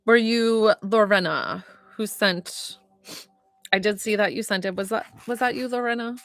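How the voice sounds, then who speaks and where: A woman's voice: medium pitch, moderate pace, dry recording, clean studio sound, soft background music. Gushing, tearful woman medium. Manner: gushing, emotional, heavy use of "like" and "um"; often near tears. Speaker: psychic medium. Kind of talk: live-streamed psychic reading to viewers.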